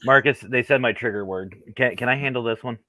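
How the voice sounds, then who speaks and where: A man's voice: medium pitch, brisk, sharp tone, slight background noise, rough recording. A man who works as a paranormal investigator, talking in a straightforward, matter-of-fact way on a casual podcast.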